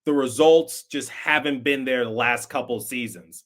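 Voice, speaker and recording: Bright-voiced man hosting a sports podcast. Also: mid-range voice, normal speed. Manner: conversational and emphatic, with repetitions. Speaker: podcast host. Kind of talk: opinionated sports commentary.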